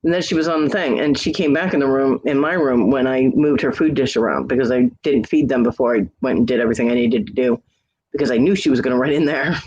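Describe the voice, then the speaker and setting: A man on stream with friends rambles through a long story, swearing liberally and quoting those involved. His mid-range voice is fast, darkish, and slightly rough, captured by a muffled lo-fi mic with a faint hiss.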